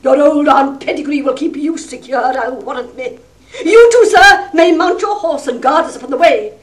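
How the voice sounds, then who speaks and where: A woman's voice: high-pitched, expressive, normal speed, distant mic. An actress playing a domineering middle-aged country mother who rants with scorn and sarcasm, in a 1960s stage play recording. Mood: scornful.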